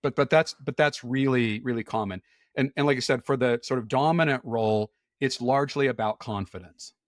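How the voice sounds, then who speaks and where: A man's voice: mid-range voice, brisk, dry recording, clean studio sound. A man talking as a podcast guest in candid, conversational chat. He is frank, often repeats words and restarts, and laughs easily.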